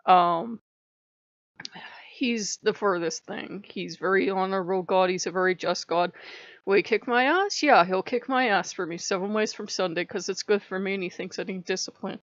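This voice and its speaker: A woman's voice: mid-range voice, a little fast, no echo, highs cut off. A woman vlogging in a casual, impassioned way, tearful and crying on and off, often apologizing as her voice breaks. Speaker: vlogger on her own faith channel. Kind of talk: casual emotional vlog talk.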